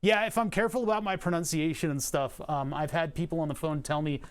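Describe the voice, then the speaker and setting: A man with a fairly high voice talks loosely through a repair on a livestream. He rambles and drifts into asides, with lots of fillers and the odd laugh. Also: steady tone, quick pace, clear, resonant tone. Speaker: streamer. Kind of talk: casual livestream talk while repairing electronics.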